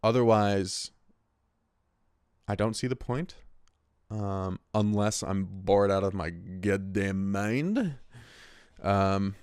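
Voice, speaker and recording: A man's voice: fairly low pitch, slow, pauses often, darkish tone, clean tone, no room sound, studio quality. A man in his twenties who hosts the show, talking in a rambling, casual monologue full of swearing and restarts. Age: 20s. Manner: rambling, profane, restarts often. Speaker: host.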